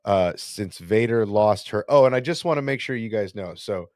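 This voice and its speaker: A man with a fairly low voice co-hosts a casual fan chat, rambling and correcting himself as he goes. His voice sounds dry and close, with no room around it. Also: expressive, normal speed, darkish tone, dry recording. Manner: rambling, self-correcting, playful. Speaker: podcast co-host.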